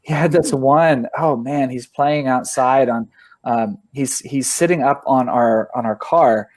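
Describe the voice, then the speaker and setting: A man talking as a guest on a podcast, telling family stories in easy, animated conversation. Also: medium pitch, a little slow. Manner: storytelling, animated when quoting his kids. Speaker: podcast guest, author and father. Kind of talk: casual conversation.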